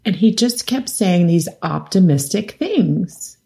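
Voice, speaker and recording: A middle-aged woman, a documentary director, telling animated stories in a podcast interview and acting out quotes. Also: lowish voice, takes it slowly, vocal fry. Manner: animated storytelling, laughs often, acts out quotes. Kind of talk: conversational interview.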